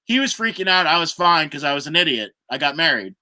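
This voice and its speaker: Bright-toned man telling a lively story. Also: a little high, fast talker. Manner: animated storyteller who acts out other people's lines. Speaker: guest musician. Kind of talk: casual podcast storytelling.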